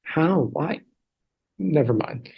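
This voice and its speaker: Speaking slowly in a slightly high, creaky voice with lively intonation, this man in his 30s is a chatty interview guest who jokes at his own expense and keeps restarting and adding asides. The video-call audio is slightly rough, with the highs cut off.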